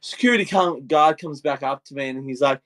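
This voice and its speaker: A young adult man with an Australian accent, a podcast co-host telling a long, animated story, swinging between muttering and loud outbursts. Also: medium pitch, fairly quick. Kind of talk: casual podcast rant.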